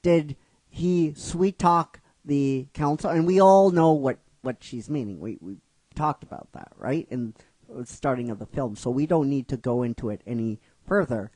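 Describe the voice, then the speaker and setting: A man's voice: medium pitch, expressive, normal speed, warm tone, no room sound. A man telling and explaining the story of his own fan script in a casual, rhetorical way, repeating himself. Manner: rhetorical, keeps asking "right?", repeats himself.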